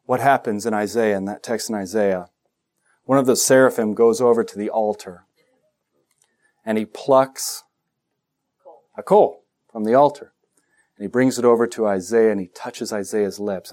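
A male pastor preaching a sermon, animated, with joking asides and acted-out quotes. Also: lowish voice, normal speed, long pauses.

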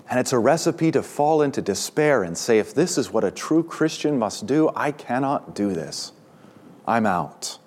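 Male pastor, sermon delivery, emphatic rises on key words, mid pitch. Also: a little mellow.

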